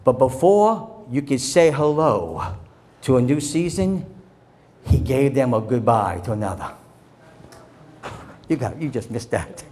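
A pastor preaching an impassioned sermon, dropping to low murmurs and then rising to shouts, leading the congregation in call and response. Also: male voice, normal speed, pauses often.

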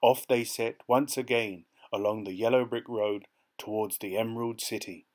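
A man reading a children's story aloud with expressive storytelling. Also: on the low side, normal speed. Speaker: storybook reader.

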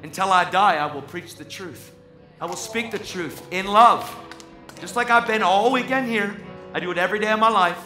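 Passionate high-voiced guy preaching, keeps saying man, echoey hall, faint music. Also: normal speed, sharp tone. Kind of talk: sermon.

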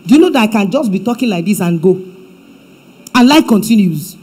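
Nigerian woman preacher, church sermon, emphatic delivery with hushed asides. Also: mid-range voice, expressive, a little fast, slightly rough, rough recording. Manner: emphatic preaching, swings from loud to hushed, mixes in Yoruba phrases. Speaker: pastor.

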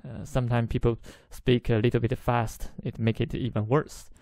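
A man's voice: mid-range voice, level tone, moderate pace, vocal fry, darkish tone, no echo. A man whose first language is Chinese teaches a podcast language lesson, explaining patiently, repeating phrases and chuckling now and then.

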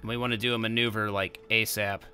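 A young man giving casual let's-play commentary, excitable and bursting into loud exclamations. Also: on the low side, brisk, faint music behind. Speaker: gameplay commentator.

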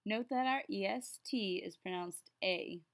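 A woman giving a French lesson to her class. She is upbeat and encouraging, and slows right down to sound out each French word clearly. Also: mid-range voice. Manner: patient, slows down to enunciate French words. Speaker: French teacher.

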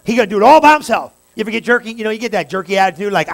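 A man pastor preaching a sermon, talking straight to his congregation and building to fervent, loud stretches. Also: sits high, animated, very fast, vocal fry, hardly any pauses. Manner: preaching with rising fervor, direct address to the congregation.

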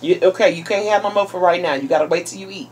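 A woman vlogger chatting casually while unboxing a package, talking excitedly to her viewers. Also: fairly low pitch, fast, a little hiss or hum. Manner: chatty and exclamatory, addressing viewers as y'all. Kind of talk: casual unboxing vlog chat.

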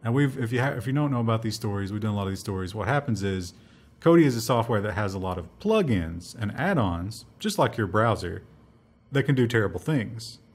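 A man's voice: fairly low pitch, expressive, a little fast, slightly rough. A man co-hosting a tech news show in a casual, joking chat with sarcastic asides.

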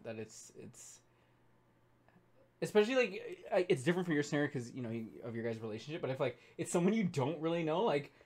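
A man co-hosting a casual podcast chat, teasing the others and quick to laugh. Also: medium pitch. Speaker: podcast co-host.

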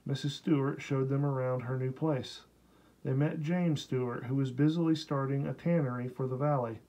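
A man reading a historical novel aloud as an audiobook, in steady, unhurried storytelling. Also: mid-range voice, rough recording. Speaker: audiobook reader. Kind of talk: scripted narration.

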